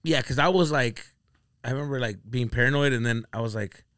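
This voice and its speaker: A man on a comedy podcast telling a story casually, acting out his friends' lines with big jumps in pitch. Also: a little fast, no room sound, studio quality. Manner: animated, acts out quoted friends with sudden jumps in pitch.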